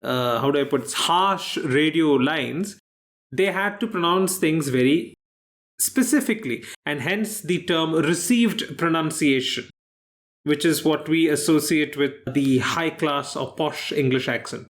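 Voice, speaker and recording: A man with a fairly high voice hosts a quiz podcast in relaxed conversation. He explains answers at an unhurried, thoughtful pace and slips in dry, teasing jokes. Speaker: quizmaster co-host. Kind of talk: casual podcast chat.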